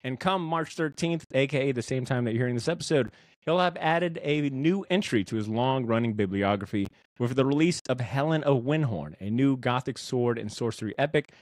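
A man's voice: mid-range voice, lively intonation, fairly quick, no room sound. A man hosting a comic book podcast in casual, joking, slangy banter. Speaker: podcast host.

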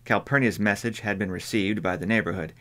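A man reading an audiobook in measured scripted narration. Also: on the low side. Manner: measured, even storytelling.

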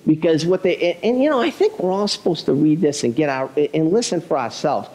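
A male pastor delivering a conversational, self-deprecating sermon, telling a story with animated delivery. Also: fairly high pitch, brisk, rough recording.

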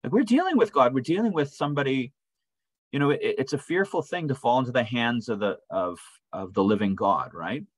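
A man's voice: mid-range voice, animated, brisk, no echo, rough recording. A man leading a church Bible study in a conversational way, often asking "right?" and acting out quoted voices. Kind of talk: informal Bible study teaching. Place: church room.

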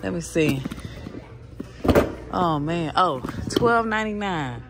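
A woman's voice: lowish voice, animated, slow, music in the background. A woman, chatting casually to her viewers while filming herself shopping in a store. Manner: chatty, addresses viewers as y'all. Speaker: vlogger. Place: discount clothing store.

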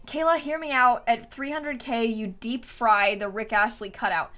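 A woman's voice: a little high, normal speed, hardly any pauses, sharp tone. A woman streamer chatting casually while playing a game, laughing often and thanking viewers for donations. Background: faint background music.

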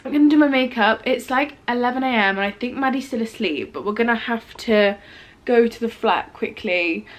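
Chatty young woman vlogging at home. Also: fairly high pitch. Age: 20s. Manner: chatty, lots of "like" fillers. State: slightly ill, throat rough. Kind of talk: casual vlog chat. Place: student flat, indoors.

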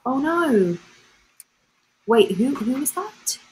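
A woman's voice: high voice, sing-song, slow, darkish tone, poor audio. A young woman from Bulgaria with an Australian-sounding accent, chatting playfully and swearing casually while signing autographs on a livestream. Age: young adult.

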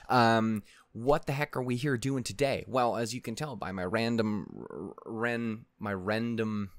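A young man with a lowish voice chats in a playful, rambling way, jumping from stern muttering to sudden loud outbursts. The sound is close and dry, with no room around it. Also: no room sound. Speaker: reaction video host. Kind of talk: casual solo chat before a reaction.

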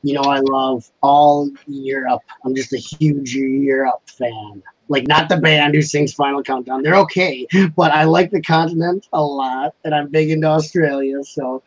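A man's voice: medium pitch, fairly even intonation, measured pace, few pauses. A man hosting a casual livestream chat, joking around and laughing often. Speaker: livestream host. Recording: slightly dull lo-fi sound, faint noise.

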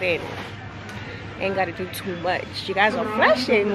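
A young woman in her twenties, with a mid-range voice, vlogs from home, chatting casually and emotionally, a little slowly and with frequent pauses. Loud music plays behind her, and the room sounds roomy with faint background noise.

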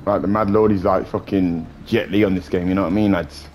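A man's voice: sits low, fairly even intonation, a little fast, a little mellow, soft background music. A man casually commentating his gameplay, joking, swearing and bantering with viewers. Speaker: gaming streamer.

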